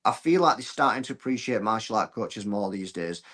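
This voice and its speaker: A man, a martial arts coach chatting as a podcast guest, telling stories in a blunt, earthy, animated way. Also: on the low side, a little fast. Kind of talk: casual podcast chat.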